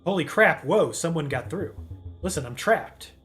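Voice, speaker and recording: A man's voice: mid-range voice, expressive, a bit bright, soft background music. A man reading a trapped girl's urgent plea. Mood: panicked. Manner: urgent, hurried. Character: panicked trapped young woman on phone.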